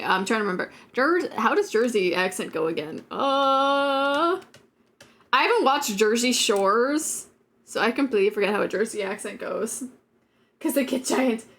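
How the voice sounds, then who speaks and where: Giggly high-voiced woman streamer. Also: fairly bright tone. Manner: giggly, rambling, lots of fillers. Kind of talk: casual live-stream chat.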